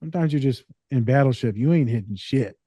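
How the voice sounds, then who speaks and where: Joking, profane man with a mellow voice. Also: mid-range voice, animated, fairly quick, slightly rough, no echo. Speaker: therapist and podcast co-host. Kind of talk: casual podcast chat.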